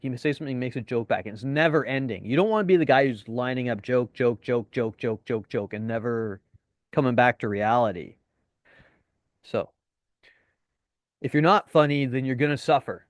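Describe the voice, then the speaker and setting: A man coaching on dating in a casual webinar, speaking at a middle pitch. He curses freely and acts out the voices of people he quotes. The sound is dry and close. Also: no echo.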